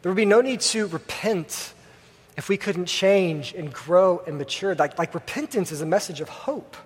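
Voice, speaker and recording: A man's voice: sits high, lively intonation, moderate pace, husky. A young man preaching a sermon in a church, telling a story casually with many fillers. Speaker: pastor. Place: church hall with congregation. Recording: long hall reverb.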